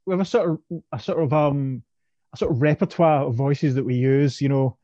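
A man chats casually as a podcast co-host, laughing often and restarting his sentences. His voice is warm and mellow. The sound is dry and dull, a little lo-fi. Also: fairly high pitch, moderate pace, dry recording. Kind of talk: casual chat.

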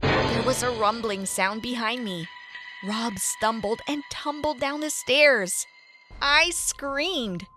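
A woman narrating a first-person story in a lively, animated way. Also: high voice.

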